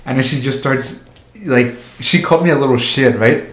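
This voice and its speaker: A man's voice: medium pitch, moderate pace, a bit bright. Crude, joking man in echoey room. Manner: crude, joking, laughs often. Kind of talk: casual storytelling chat. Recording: roomy echo.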